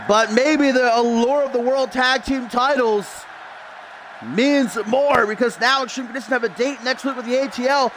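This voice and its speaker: A man's voice: very high-pitched, a bit bright, a little hiss or hum. A young man calling a wrestling video game match as play-by-play commentator, building hype with casual asides to his stream chat.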